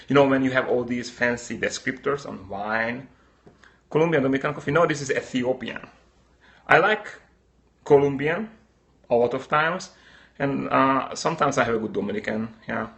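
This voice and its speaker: Gravelly man with a Central European accent. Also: mid-range voice, a little fast, fairly bright tone. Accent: Slovak-Hungarian. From Slovakia. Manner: chatty, answers viewer comments, upbeat. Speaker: livestream host. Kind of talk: casual live-stream chat.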